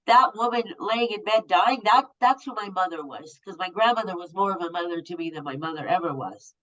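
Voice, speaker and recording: A woman's voice: lowish voice, a little fast, hardly any pauses, a bit bright, highs cut off. A woman in her fifties, a guest telling a personal story in a blunt, raw and profane way. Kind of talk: candid storytelling.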